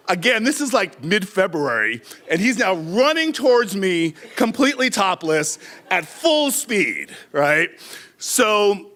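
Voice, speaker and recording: A middle-aged man telling a live story on stage, animated, acting out shouted quotes. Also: high voice.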